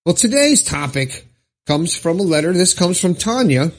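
Cheerful husky-voiced man hosting a podcast. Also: high-pitched, sing-song, moderate pace. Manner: cheerful, encouraging, reads listener letters aloud. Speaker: podcast host. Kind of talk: upbeat solo podcast talk.

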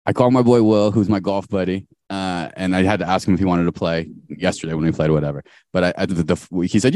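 Chill forty-something guy hosting a pod, slangy and jokey, low voice, dry. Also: quick pace, few pauses, warm tone, no room sound. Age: 40s. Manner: laid-back, jokey, slangy. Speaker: podcast host. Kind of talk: casual chat.

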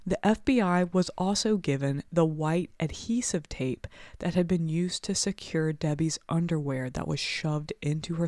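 Woman, true crime podcast co-host, low-pitched and chatty, close and dry sound. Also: a little mellow, no room sound. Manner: casual, chatty, with frequent 'like'. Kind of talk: true crime podcast chat and scripted narration.

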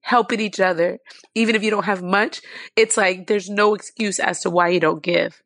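A woman's voice: mid-range voice, steady tone, fairly bright tone, dry recording. Emotional woman telling a story, dry sound. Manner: impassioned, many "like" fillers, halting restarts. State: near tears. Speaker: guest.

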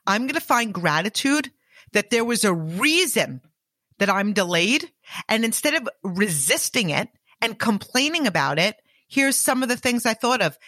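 A middle-aged woman gives an animated motivational podcast talk and speaks right to her listeners. Her voice sits a little high and bright. It sounds dry and close, with no room around it. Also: dry recording. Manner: upbeat, animated, addresses listeners as "you guys". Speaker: podcast host.

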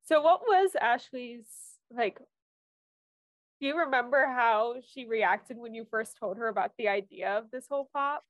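A woman hosting a podcast interview asks questions in a halting, casual way and gives short encouraging replies. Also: fairly high pitch, dry recording, rough recording. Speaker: podcast host.

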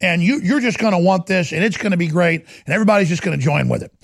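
A man's voice: high-pitched, quick pace, vocal fry, no room sound, studio quality. A man mocking a smug would-be god. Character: smug man promising that humans will become godlike.

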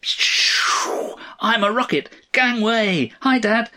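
A man voicing an excited young boy who plays at being a rocket pilot, with shrill, rushed chatter. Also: full character voice.

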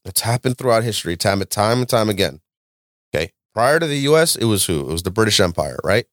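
A man hosting a podcast, ranting and lecturing in a loud, profane, animated way. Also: fairly low pitch, quick pace, no room sound, studio quality. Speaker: podcast host. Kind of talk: casual podcast chat.

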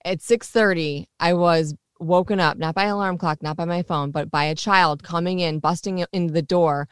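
A woman's voice: fairly low pitch, fairly even intonation, normal speed, clear, resonant tone, dry recording, clean studio sound. A woman co-hosting a podcast, telling a story in a candid, casual way with swearing. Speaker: podcast co-host. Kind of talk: casual chat.

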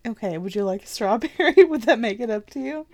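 A woman's voice: on the high side, lively intonation, fairly quick. A woman co-hosting a podcast, teasing her friend and laughing often in casual chat. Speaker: podcast co-host.

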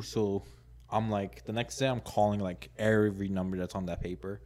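In a casual storytelling chat, a male podcast co-host meanders through his tale with many "like"s, plenty of laughs, and quotes he acts out. His voice is lowish and slightly mellow, with a level tone and moderate pace.

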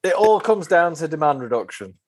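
A man hosts a podcast in a relaxed, conversational way. His voice sits a touch high, and he keeps his remarks short and friendly as he closes the chat. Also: a little fast, breathy edge. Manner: friendly, brief, wrapping up the chat. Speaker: podcast host.

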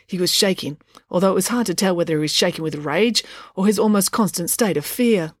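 A woman narrating an audiobook with expressive storytelling. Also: fairly low pitch, fairly quick, dry recording, studio quality. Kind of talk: scripted narration.

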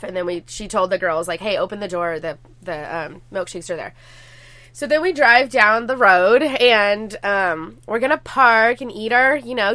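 A woman's voice: mid-range voice, bright, forceful tone, no room sound. A young woman vlogging casually to her viewers, chatty and swearing freely as she tells stories.

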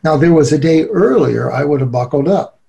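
A middle-aged man giving an earnest, animated interview as a relationship expert, often breaking into laughter. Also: a little high, normal speed, vocal fry. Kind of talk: conversational interview.

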